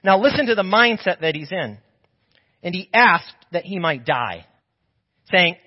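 A man preaching a sermon as pastor, telling a Bible story with animated, acted-out voices. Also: sits high, a little slow, long pauses, husky. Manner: animated storytelling, acts out biblical figures' voices. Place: church sanctuary. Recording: muffled audio in a reverberant church.

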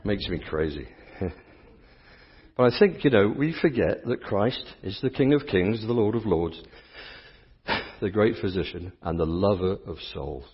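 Husky English priest in a reverberant church. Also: male voice, lowish voice, expressive, a little slow. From England. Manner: playful, teasing, chatty with the congregation. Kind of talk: interactive sermon with volunteers. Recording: dull lo-fi sound with long church reverb.

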